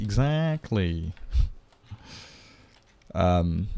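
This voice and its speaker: A man's voice: fairly low pitch, sing-song, takes it slowly, vocal fry, long pauses, mellow. An Australian man chatting bluntly and swearing to viewers during a casual live stream. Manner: blunt and sweary, rambling, chats to viewers while gaming.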